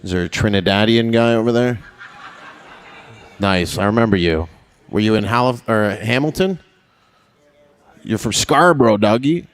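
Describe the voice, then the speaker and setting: A man's voice: lowish voice, normal speed, pauses often, smooth. A young man doing stand-up on a live stage, brash and profane, chatting with the crowd and laughing at his own jokes. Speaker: stand-up comedian.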